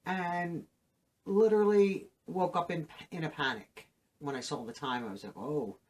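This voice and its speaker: A middle-aged woman, the host of her own channel, telling a personal story to camera in a halting, emotional way, full of fillers. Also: fairly low pitch, very animated, darkish tone, slight background noise. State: emotional, saddened.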